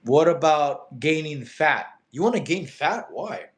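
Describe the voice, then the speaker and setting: Slangy, animated young man in an echoey room. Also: on the high side, unhurried. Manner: animated storyteller, slangy, says bro and dude. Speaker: fitness livestream host. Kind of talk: casual livestream chat answering viewer questions.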